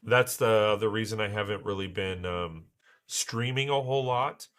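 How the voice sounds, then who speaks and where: Hoarse man chatting on a livestream. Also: on the low side, moderate pace, a bit bright. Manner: rambling, many fillers and restarts. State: hoarse, recovering from losing voice. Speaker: livestream host building Lego. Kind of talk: casual livestream chat.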